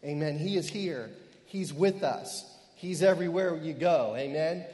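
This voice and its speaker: A middle-aged man preaching a fervent sermon as pastor, sprinkling in amens and hallelujahs and slowing down hard on key phrases. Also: a little high, mellow. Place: church. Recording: long reverb of a church hall.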